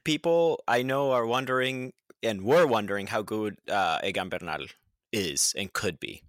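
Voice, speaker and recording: A man's voice: lowish voice, moderate pace, dry recording. Dry-voiced wry man, close mic. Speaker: podcast co-host. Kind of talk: casual chat.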